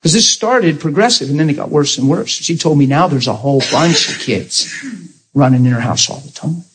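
A man preaching a sermon, telling a story in an animated way and speaking directly to his congregation. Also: on the high side, fairly quick, slightly rough.

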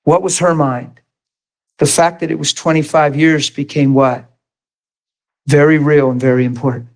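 A man preaching a sermon, telling a healing story with lively acted-out quotes. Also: moderate pace. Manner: animated storytelling, acts out quotes in high excited voice.

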